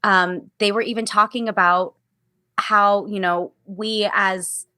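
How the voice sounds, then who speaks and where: A woman actress speaks as an interview guest in an earnest, reflective way, circling back and restarting as she thinks aloud. Her voice is bright and forward, and it sits close and dry with almost no room around it. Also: mid-range voice, fairly even intonation, takes it slowly, clean tone, no room sound. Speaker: musical theater actress, guest. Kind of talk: candid casual conversation.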